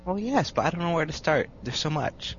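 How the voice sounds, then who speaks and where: A man's voice: fairly high pitch, very animated, brisk, faint music behind. A young man with a stuffy nose, chatting casually and joking at his own expense. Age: young adult. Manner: laid-back and self-mocking, laughs often. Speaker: podcast co-host. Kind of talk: casual group chat over mics. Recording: dull lo-fi mic with faint hum.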